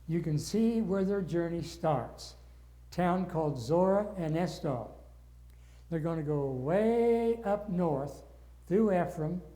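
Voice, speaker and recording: Mellow-voiced older man teaching Bible study. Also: on the high side. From northern United States. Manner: earnest teaching, gets wound up.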